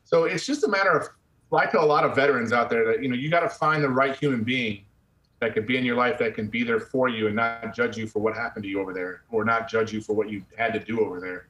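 A middle-aged army veteran with a mid-range, fairly bright voice talks at a quick pace. In a casual interview he tells his own story bluntly and conversationally, tossing in "man" and the occasional curse, with a roomy echo on the recording.

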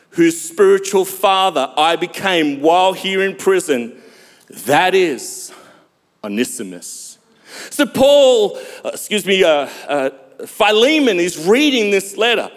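High-voiced preacher man in a reverberant hall. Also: lively intonation. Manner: emphatic preaching, dramatic pauses and sudden loud swells. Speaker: pastor. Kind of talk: sermon.

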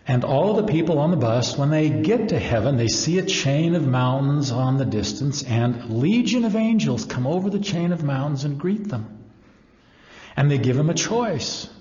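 A man's voice: fairly high pitch, lively intonation, moderate pace, a little mellow. A middle-aged man giving a live religious lecture, telling stories earnestly and reading passages aloud. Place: large lecture hall. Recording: echoey hall, dull lo-fi.

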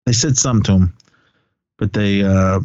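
A man's voice: lowish voice, normal speed, darkish tone, no echo. A man co-hosting a podcast, casually recapping a film in a rambling way, full of restarts. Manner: rambling retelling, many restarts and "he goes". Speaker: podcast co-host. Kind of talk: casual movie recap chat. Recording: muffled dry lo-fi audio.

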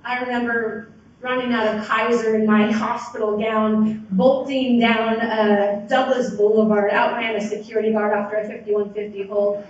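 A woman tells her recovery story in a loose, rambling way, with "like" and "you know" filling her sentences. Her voice sits a little high. She sounds far from the mic, and a heavy room echo and a dull, muffled tone surround her. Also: level tone, normal speed, a little hiss or hum. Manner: casual, rambling, many "like" and "you know" fillers. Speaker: speaker sharing at a recovery meeting, a sponsor. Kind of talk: personal recovery testimony.

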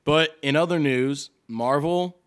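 A man's voice: a little high, takes it slowly. A man hosting a casual podcast chat, joking and rambling with frequent restarts. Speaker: podcast host.

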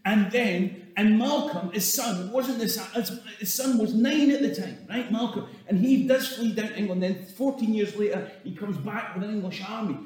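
A man's voice: sits high, moderate pace, few pauses, a little mellow, distant mic. Irreverent Scottish man in an echoey hall. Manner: irreverent, swearing, chuckling asides. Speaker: storyteller. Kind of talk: comic history talk.

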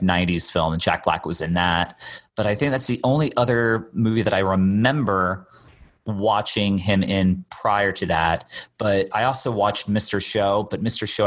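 Rambling low-voiced man chatting about films. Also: a bit bright. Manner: rambling, hesitant, many fillers and restarts. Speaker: podcast co-host. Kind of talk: casual film-discussion chat.

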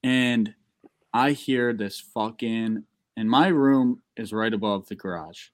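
A young man telling a long, profane, excitable story in a casual podcast chat. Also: fairly low pitch, takes it slowly. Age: young adult.

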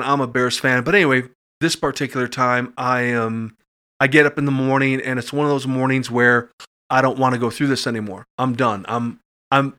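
A middle-aged man, a podcast guest, telling a personal story in casual talk and acting out the voices when he gets excited. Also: mid-range voice.

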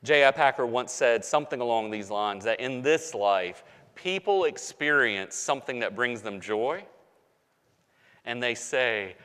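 A man preaching a sermon as pastor, emphatic and repetitive, swinging between hushed and loud passages. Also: mid-range voice, lively intonation, a little slow, smooth, in a large hall.

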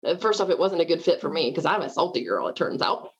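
A woman's voice: deep voice, fast talker, husky. Chatty woman on a dull line. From American South. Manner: chatty, animated, self-deprecating with frequent laughs. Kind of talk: casual conversation. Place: at home.

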